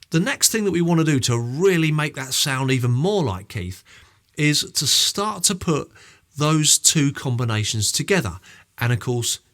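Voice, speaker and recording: Lively man teaching drums. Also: mid-range voice. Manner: friendly, explanatory, lively delivery. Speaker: drum teacher. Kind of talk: online drum lesson.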